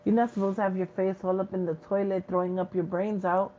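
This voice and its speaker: A woman's voice: medium pitch, level tone, fast, warm tone, dull audio, a little hiss or hum. A woman giving a spiritual message in a vlog, talking bluntly with plenty of swearing and street slang. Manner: blunt, profane, slangy preaching. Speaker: spiritual reader.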